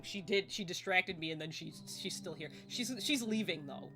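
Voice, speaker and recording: A young woman streaming a game live, chatting excitably, laughing and swearing casually as she plays. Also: lowish voice, normal speed. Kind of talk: live gameplay commentary. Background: faint game music.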